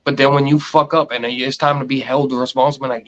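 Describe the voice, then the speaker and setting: Brisk and medium-pitched with few pauses, this man co-hosts a casual podcast chat. He animatedly tells stories and acts out what other people said, recorded with a dull lo-fi sound.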